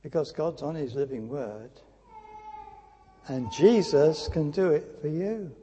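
Older male preacher, husky and a touch high-pitched, animated storytelling, echoing church. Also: takes it slowly, muffled recording. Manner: animated storytelling with sudden drops to hushed speech. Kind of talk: sermon. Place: church hall. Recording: long church reverb.

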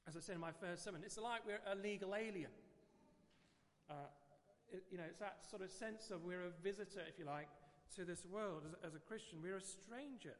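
A man's voice: sits high, fairly quick. A middle-aged man with an English accent preaching a sermon in a conversational, digressive way, often repeating words as he goes. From England. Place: church. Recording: church hall reverb.

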